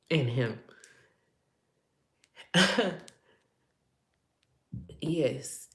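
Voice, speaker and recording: Woman preacher giving a prophetic word, low voice, rhythmic rhyming delivery, echoey room. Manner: casual, laughs often while talking. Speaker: prophetic speaker.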